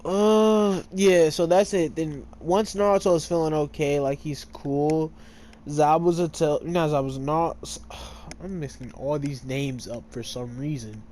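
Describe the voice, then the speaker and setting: While playing a game, a man casually retells a fan story, filling it with fillers and often stumbling over names before correcting himself. His voice is on the high side and darkish in tone, and he takes his time.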